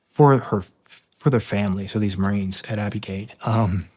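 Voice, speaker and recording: A low-voiced American man, a Marine officer, recounts events in a conversational interview. He stops and restarts his sentences often and slips into the voices of the people in his story. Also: darkish tone, slightly rough. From United States. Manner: halting, many restarts and fillers, reenacts dialogue.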